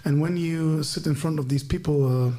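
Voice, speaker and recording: A man with a German accent hosting a podcast, speaking halting English and hesitating often. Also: fairly high pitch, dark tone. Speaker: podcast host. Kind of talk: casual podcast chat.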